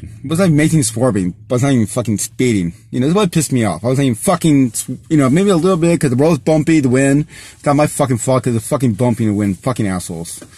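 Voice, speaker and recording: A man's voice: lowish voice, darkish tone, dry recording, studio quality. A man telling a personal story in a casual vlog, rambling with many fillers and restarts, often breaking into angry, profane rants. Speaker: vlogger.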